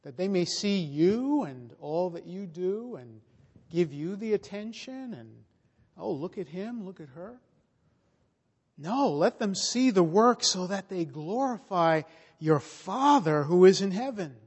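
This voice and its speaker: A man preaching a sermon slowly and emphatically, his voice rising and swelling in volume for emphasis. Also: sits high, expressive, husky. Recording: long reverb of a large hall.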